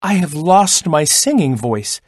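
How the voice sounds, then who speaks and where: A man's voice: fairly high pitch, sing-song, unhurried, breathy edge, no echo, heavily acted. A man voicing a pleading storybook crow. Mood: sad. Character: brave male crow, pleading then sad. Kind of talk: children's storybook read-aloud.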